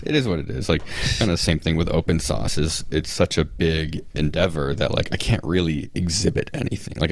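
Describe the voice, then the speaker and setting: As a podcast guest in a casual interview chat, a man with an extremely low, deep, gravelly voice rambles through his thoughts with many restarts and a lot of "like," occasionally dropping a dry, sarcastic aside. The sound is close and dry, with no room echo.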